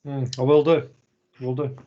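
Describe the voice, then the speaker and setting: A man in a casual video-call conversation, listening supportively and adding many soft murmurs of agreement. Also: medium pitch, flat delivery, measured pace, lo-fi sound.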